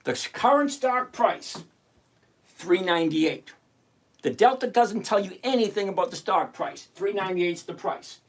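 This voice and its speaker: A man's voice: high voice, measured pace. A middle-aged man hosting a trading livestream, brash and teasing as he reads out chat questions. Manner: brash, animated and teasing, reading chat names aloud. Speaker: livestream host answering chat questions on covered-call trading. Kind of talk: live-stream chat.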